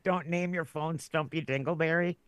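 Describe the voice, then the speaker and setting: A woman's voice: low voice, fairly even intonation, normal speed, no room sound. Rambling, giggly woman guest. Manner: rambling, laughs through her words. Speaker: podcast guest. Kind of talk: casual chat.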